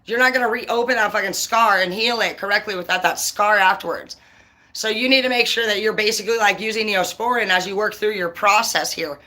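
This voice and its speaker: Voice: medium pitch, a little fast, pushed and bright. A tarot reader on a casual live stream who swears constantly and talks in a blunt, heated rant. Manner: profane, heated and ranting; blunt and confrontational.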